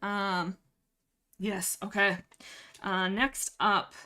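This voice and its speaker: A young woman with a Canadian accent, hosting a casual book discussion livestream and rambling excitedly with lots of fillers and restarts. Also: mid-range voice, drawn-out words. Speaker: livestream host.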